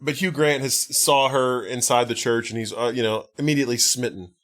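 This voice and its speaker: A man's voice: mid-range voice, steady tone, fairly quick, a bit bright. A man co-hosting a podcast, recapping a movie in casual chat with wry, profane asides and lots of fillers. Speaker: podcast co-host.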